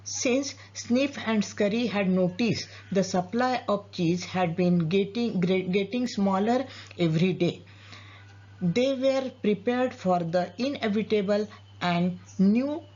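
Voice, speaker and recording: Storyteller woman, husky and unhurried, expressive read of a story, heard on a dull lo-fi recording. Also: medium pitch. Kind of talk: storybook narration.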